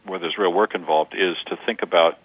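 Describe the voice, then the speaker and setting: Older male coach, low and measured, close dry lo-fi recording. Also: steady tone, slightly rough, dry recording. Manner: measured, explains through stories and examples. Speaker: communication coach as guest. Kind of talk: interview answers. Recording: dull lo-fi sound.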